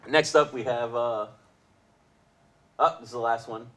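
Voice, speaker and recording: A man's voice: medium pitch, fairly bright tone. A man hosting a weekly live show in a casual, jokey way, laughing often between his remarks. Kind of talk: casual livestream chat.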